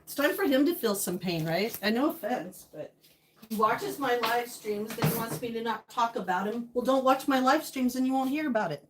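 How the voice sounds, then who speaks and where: A woman's voice: fairly high pitch, normal speed, slight background noise. Woman venting to her live-stream chat. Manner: talks to chat viewers by name, emotional and venting. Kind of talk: casual live-stream chat while cooking. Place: home kitchen.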